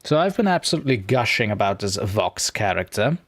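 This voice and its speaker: A man chatting casually on a live stream, rambling and poking fun at himself as he fumbles with his software. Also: lowish voice, sing-song, fairly quick, dry recording. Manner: rambling, self-mocking, talks to himself while fiddling with software.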